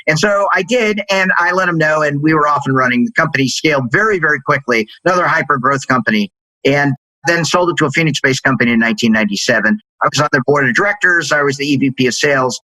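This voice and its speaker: A man's voice: fast, no echo, rough recording. A middle-aged man telling stories as a sales executive guest in an interview, acting out dialogue in a raised voice. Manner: animated, acts out quoted dialogue in a higher voice. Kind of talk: storytelling interview answer.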